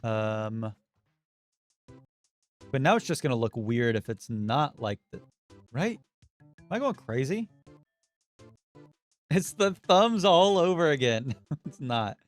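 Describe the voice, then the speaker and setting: Slow-talking man streaming a game. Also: mid-range voice, soft background music. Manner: relaxed, muttering and thinking aloud while playing. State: throat getting sore. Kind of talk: casual live game commentary.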